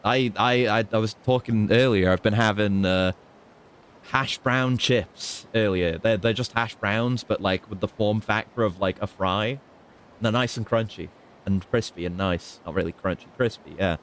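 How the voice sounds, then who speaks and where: A man streaming a video game, thinking aloud in casual, halting commentary. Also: fairly low pitch, a bit bright, a little hiss or hum.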